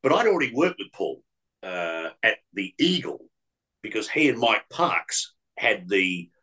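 In a casual storytelling interview, a middle-aged man who works as a radio presenter recounts career tales in a rambling way, often restarting and using fillers. His fairly low voice swings widely in pitch and moves a little slowly, with a bright, forceful, slightly rough tone. The recording quality is poor.

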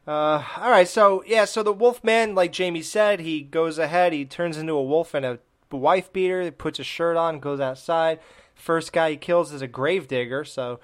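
A man's voice: fairly high pitch, normal speed, a bit bright. A man co-hosting a horror podcast, chatting casually and rambling with lots of restarts and laughter. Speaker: podcast co-host. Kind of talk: casual chat.

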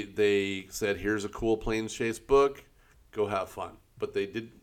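A man co-hosting a casual tabletop gaming podcast, rambling and hunting for words with frequent fillers. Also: fairly low pitch. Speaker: co-host, game store staff.

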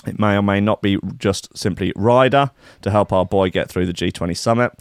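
A man with a lowish voice chats through the news in a casual commentary style. He reads items aloud and breaks off into irreverent, profane asides. The sound is dry and close to the mic. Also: brisk, smooth, no echo. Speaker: podcast host.

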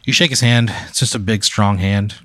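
Low-voiced man spinning a hypothetical. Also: fairly even intonation, moderate pace, bright, forceful tone, no room sound. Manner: casual, rambling, many "like" fillers. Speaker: host narrating a hypothetical. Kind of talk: improvised second-person storytelling.

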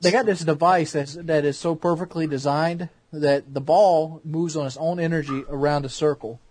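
Dude on a podcast rambling and cussing, kinda high voice, dry sound. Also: male voice, fairly even intonation, normal speed, darkish tone, dry recording. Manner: rambling, profane storytelling. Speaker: podcast guest. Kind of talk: casual podcast banter.

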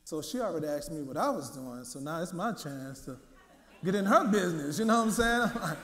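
A male minister preaching a sermon, telling a personal testimony in a lively way and repeating his words as he goes. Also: sits high, normal speed, reverberant. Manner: lively storytelling, repeats words, acts out quotes.

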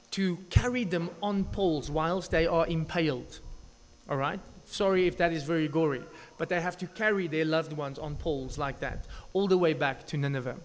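A man preaching a sermon, telling a story with lively asides, restarts and acted-out quotes. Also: on the high side. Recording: echoey hall reverb.

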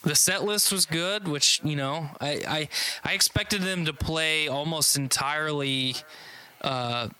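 Bright-voiced man chatting loosely. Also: fairly high pitch, a little slow, clear, resonant tone, poor audio. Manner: rambling, loose, swears often, many restarts. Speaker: concertgoer recapping a show. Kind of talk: casual chat.

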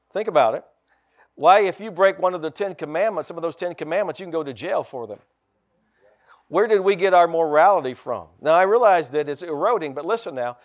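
Male pastor, emphatic call-and-response sermon, a touch higher voice than most men, drags out key words. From United States. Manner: emphatic, call-and-response preaching with repeated phrases; slows down to stress key words.

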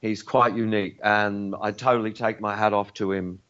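A man's voice: fairly low pitch, fairly even intonation, normal speed, fairly bright tone, muffled recording. An older Australian man, a musician guest, telling blunt, profane stories in a casual interview. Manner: blunt, profane storyteller who acts out voices.

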